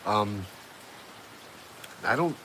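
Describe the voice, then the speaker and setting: Low-voiced man rambling through a ghost story. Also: lively intonation, drawn-out words, fairly bright tone, a little hiss or hum, low-quality recording. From Hawaii. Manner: rambling, conversational, many fillers and restarts. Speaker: livestream host telling ghost stories. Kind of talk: casual storytelling to a live chat.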